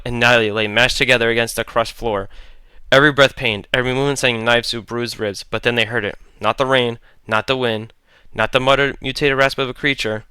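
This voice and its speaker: A man narrating a horror story in a dramatic, deliberate way. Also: mid-range voice, bright, forceful tone, clear, resonant tone, no echo.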